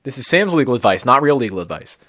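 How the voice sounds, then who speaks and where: Podcast co-host, male, animated and jokey, laughs through his lines. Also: medium pitch, fast. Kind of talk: casual movie chat.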